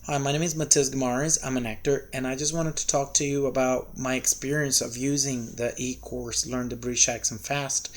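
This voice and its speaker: A man who works as an actor, giving an enthusiastic testimonial in quick bursts. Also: medium pitch, flat delivery. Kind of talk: spoken testimonial.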